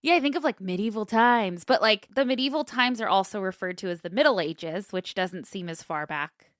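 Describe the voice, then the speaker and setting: A woman's voice: mid-range voice, a little fast, no room sound, studio quality. A woman co-hosting a casual comedy podcast, telling a history story in a bubbly way and laughing often. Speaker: podcast co-host.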